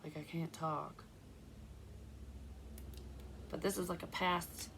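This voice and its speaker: A young woman with a low voice talks her way through a casual tarot reading. She rambles from story to story and swears freely. A faint hiss of background noise sits under her voice. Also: fairly even intonation, slow pace, creaky, fairly bright tone. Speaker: psychic tarot reader.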